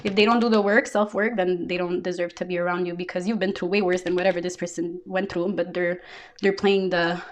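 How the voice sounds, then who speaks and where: A woman's voice: on the low side, flat delivery, a little fast. A woman giving a casual tarot reading, talking bluntly with lots of fillers and swearing. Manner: blunt, profane, full of fillers. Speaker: tarot reader.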